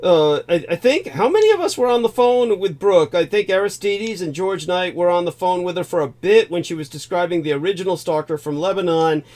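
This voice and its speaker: A man's voice: high-pitched, expressive, brisk, hardly any pauses, a little mellow. A man hosting a casual call-in chat, exclaiming often and stumbling over fillers. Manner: exclamatory, hesitant, many fillers. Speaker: host. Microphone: call setup.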